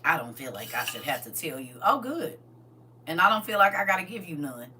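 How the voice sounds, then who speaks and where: A woman's voice: low-pitched, big pitch swings, fairly quick, sharp tone, slight background noise. A middle-aged woman on a podcast, blunt, sassy and emphatic, giving frank relationship opinions in casual chat.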